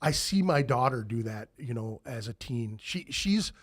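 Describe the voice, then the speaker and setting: A man's voice: mid-range voice, lively intonation, unhurried, no room sound, clean studio sound. A middle-aged man hosting a podcast, telling stories in casual chat, swearing freely and laughing often. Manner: profane, laughing storyteller. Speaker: podcast host.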